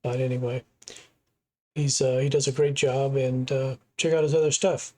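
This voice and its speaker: A man's voice: medium pitch, level tone, moderate pace, warm tone, slight background noise, rough recording. A middle-aged man from the United States, hosting a reaction video and talking in a plainspoken, rambling way. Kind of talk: casual commentary.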